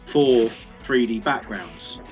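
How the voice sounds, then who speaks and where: A man's voice: mid-range voice, lively intonation, slow pace, darkish tone, dull audio, faint music behind. A man in casual chat, explaining retro console details hesitantly with frequent fillers. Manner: knowledgeable, hesitant with fillers, laughs often.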